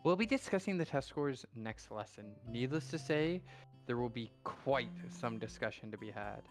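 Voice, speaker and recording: A man's voice: medium pitch, lively intonation, moderate pace, soft background music, natural voice. A man voicing a stern schoolteacher in a dry, matter-of-fact tone.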